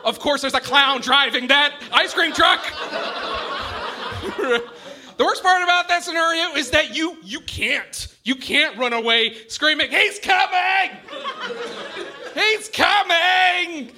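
A man's voice: extremely high pitch, slow. A male stand-up comedian doing giggly, self-interrupting crowd work on a club stage. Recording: noisy live club recording. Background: audience laughter.

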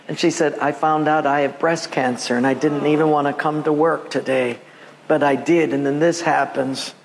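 A male pastor from Hawaii preaching a sermon, telling a story and acting out quotes in an animated voice. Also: on the high side, normal speed, gravelly, long reverb tail, a little hiss or hum. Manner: animated, acts out quotes with raised voice.

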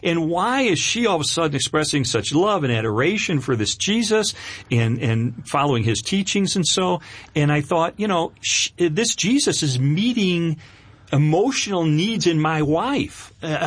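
A middle-aged man telling his life story as a guest on an interview show, emotional and animated, with many restarts. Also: a little high, normal speed, husky, no echo.

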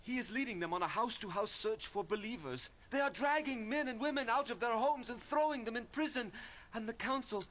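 A shaken young messenger in a radio drama. He speaks in a high, hushed voice, grieving as he tells what happened. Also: fairly quick.

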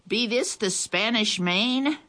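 A woman's voice: on the high side, takes it slowly, pushed and bright, pitched above the performer's own voice. A woman reading a storybook aloud and voicing a blustery male pirate captain who bellows in pirate talk. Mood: booming.

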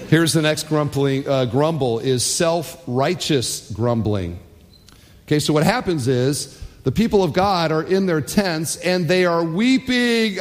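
A male pastor preaching a sermon in an animated way, asking rhetorical questions and acting out quotes. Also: mid-range voice, normal speed, big-room sound.

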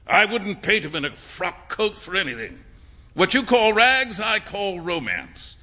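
Guy reading as a breezy amused painter, high bouncy voice, super bright. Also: a little slow, heavily acted. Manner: breezy, lively, laughing. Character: amused, worldly young male painter.

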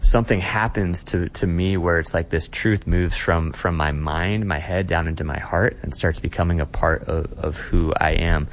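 A man with a very low, deep voice talks as a guest on an interview show. He is a pastor, earnest and reflective, and he often circles back and restarts his words as he works through an idea. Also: moderate pace, few pauses, a little hiss or hum.

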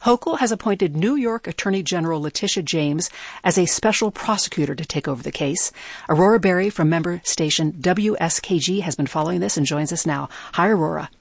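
Gravelly radio news host. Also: medium pitch, brisk, dry recording.

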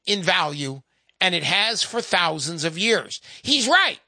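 An older man hosts a call-in radio show with a high, bright voice. He talks in a chatty, animated way and jokes at his own expense. The sound is dry and close. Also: unhurried, dry recording. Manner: animated, chatty, self-deprecating.

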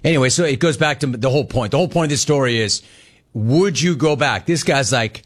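A man's voice: mid-range voice, fairly quick. A man in his fifties hosting a sports talk radio show, telling stories in a wry, conversational monologue. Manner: animated storyteller, wry and conversational.

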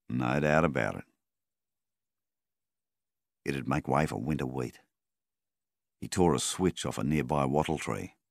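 A man reads a story aloud in a measured, unhurried way. His voice is very deep and gravelly. The recording is dry and close. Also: no echo. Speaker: narrator. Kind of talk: audiobook narration.

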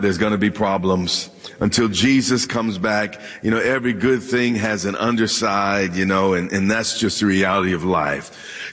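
Joking preacher in a reverberant hall. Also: male voice, fairly low pitch, a bit bright. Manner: humorous, talks directly to the congregation. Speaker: pastor. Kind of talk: sermon. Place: church hall with live audience.

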